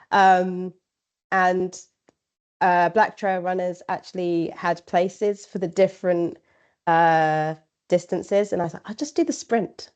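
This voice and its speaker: A lowish, slightly mellow female voice comes from a podcast guest in a casual interview chat. She rambles freely with fillers and quoted asides, and the lo-fi recording sounds slightly dull.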